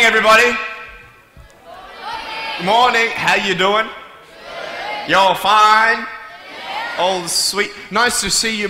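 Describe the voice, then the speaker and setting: A man's voice: high voice, pushed and bright, a little hiss or hum. A man giving a playful, joking talk to a live audience in a large hall. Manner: playful, joking, chatty with the crowd. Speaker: speaker addressing a live audience. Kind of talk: humorous stage talk.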